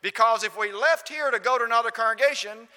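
A man's voice: on the high side, sing-song, normal speed, bright, forceful tone, full character voice. A man voicing a boastful, insistent male churchgoer from a small northern congregation. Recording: long hall reverb.

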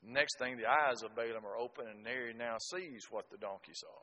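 A preacher with a bright, forceful voice delivers a sermon in folksy storytelling fashion. He swings from loud exclamations to hushed asides. His voice carries a long hall reverb. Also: mid-range voice, normal speed.

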